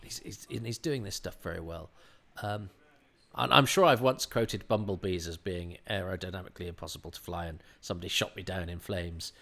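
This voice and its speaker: A man giving a casual commentary on a classic TV serial, chatty and halting, breaking into acted-out quotes. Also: low-pitched, creaky, fairly bright tone.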